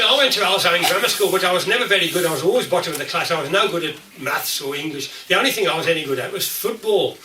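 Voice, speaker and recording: An older man with a Black Country accent spins comic yarns at a folk club, his voice sitting fairly high and laughing as he goes. The live recording is roomy and distorted, caught from a distance, with the crowd's laughter heard behind him. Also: noisy background. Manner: chatty, laughing through his jokes, stammering restarts. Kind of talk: comic storytelling to a live audience. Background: audience laughter.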